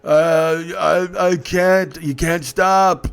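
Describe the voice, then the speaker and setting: A man's voice: a little high, fairly even intonation, drawn-out words, fairly bright tone, clean tone, heavily acted. A man voicing a drunk young man who feels sick, pleading and whining in a strained voice. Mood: whiny. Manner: strained, whining, repeats himself.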